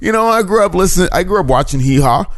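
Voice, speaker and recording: A man's voice: high voice, fast. A man co-hosting a podcast, talking in loose, profane banter and laughing often. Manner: animated, profane, laughs often, restarts sentences. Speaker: podcast co-host.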